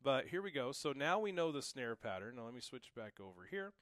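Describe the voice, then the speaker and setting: A man's voice: medium pitch, sing-song, brisk, fairly bright tone, dry recording. A young man giving a casual, encouraging drum lesson, explaining each pattern and counting it aloud. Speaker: drum teacher. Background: drum kit.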